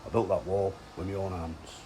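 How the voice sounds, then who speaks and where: A man voicing a boastful old angler who brags slowly and grandly about his own work. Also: low voice, little pitch movement, warm tone, a little hiss or hum, natural voice, poor audio. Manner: slow, grandiose bragging.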